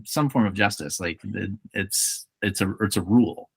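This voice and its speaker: A man in his forties, an actor, chatting playfully as a podcast guest and telling animated stories. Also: fairly low pitch, moderate pace, creaky, husky, no room sound. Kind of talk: casual chat.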